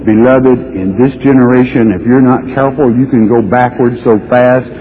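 A man preaching a Bible lesson, reading scripture slowly then breaking into folksy, joking asides. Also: medium pitch, fairly even intonation. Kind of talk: folksy radio Bible teaching. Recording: tinny phone-like radio broadcast.

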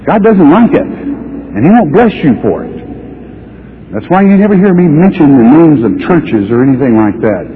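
A man preaching a Bible lesson, reading scripture slowly then breaking into folksy, joking asides. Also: a little high, big pitch swings, slight background noise. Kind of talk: folksy radio Bible teaching. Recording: tinny phone-like radio broadcast.

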